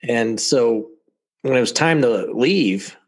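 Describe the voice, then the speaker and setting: Speaking slowly at a medium pitch, an American man appears as a podcast guest on a talk show. His storytelling is casual and animated, and he laughs often while recounting anecdotes.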